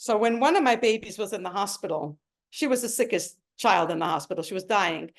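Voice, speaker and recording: A woman's voice: mid-range voice, animated, brisk. A middle-aged woman, telling her personal story in an earnest, emotional way. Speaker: speaker sharing a personal story. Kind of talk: personal testimony talk. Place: home.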